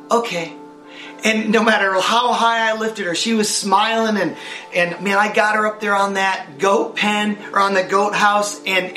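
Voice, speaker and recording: An older man preaches a sermon in a high voice, earnest and searching, often doubling a word as he restarts. The sound carries a roomy echo, with faint instrumental music behind him. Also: sharp tone. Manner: earnest, repeats words as he speaks. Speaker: pastor.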